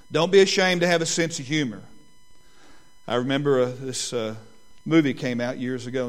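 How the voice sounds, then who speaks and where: A middle-aged man, preaching a sermon and telling family stories in lively quoted voices. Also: a little high. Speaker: pastor.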